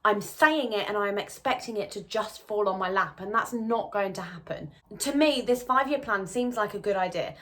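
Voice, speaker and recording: A woman's voice: mid-range voice, normal speed, hardly any pauses, a bit bright. A woman in her twenties talking casually to camera at home as a lifestyle vlogger, chatty and rambling with plenty of restarts. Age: 20s.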